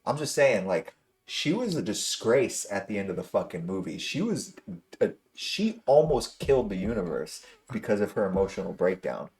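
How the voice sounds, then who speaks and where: A man's voice: on the low side, sing-song, moderate pace, darkish tone. A man hosting a podcast, ranting with exasperated profanity in a casual movie review chat. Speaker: podcast host.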